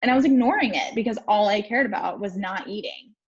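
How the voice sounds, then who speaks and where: On a live stream, a young woman who works as a life coach shares her own story with viewers, speaking frankly and swearing casually. Her mid-range voice is fast and slightly rough, and the stream audio is dull and lo-fi.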